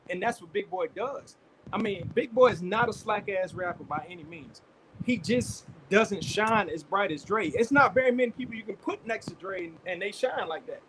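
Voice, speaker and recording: A man's voice: high-pitched, noisy background. A man on a podcast, laid-back but firm as he argues his point, swearing casually. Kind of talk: casual debate.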